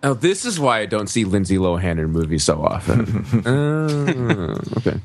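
A man's voice: on the low side, very animated, normal speed, creaky. A man in a casual chat who hesitates with many "um"s before he makes his point.

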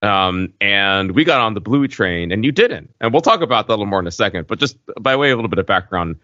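A man's voice: lowish voice, expressive, fast talker, pushed and bright, no echo. A man in his forties from the United States co-hosting a podcast, chatting and explaining things at length. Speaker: podcast co-host. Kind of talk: casual podcast chat. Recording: dry, slightly muffled podcast audio.

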